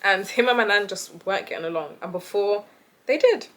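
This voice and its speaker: A woman's voice: mid-range voice, brisk. Chatty young woman telling a story. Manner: animated, chatty, laughs often. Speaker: vlogger. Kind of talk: casual storytime chat.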